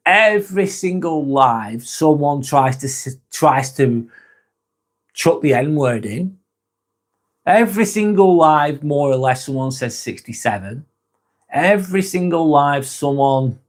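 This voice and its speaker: A man hosting a casual live-stream chat, reading viewer comments aloud and answering them in a blunt, frank way with constant swearing. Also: mid-range voice.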